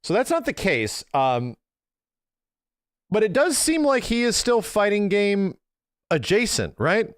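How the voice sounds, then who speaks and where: A man chatting casually to his live-stream audience, excitable and quick to laugh. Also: sits high, dry recording, clean studio sound. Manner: excitable, talks to his chat, laughs easily.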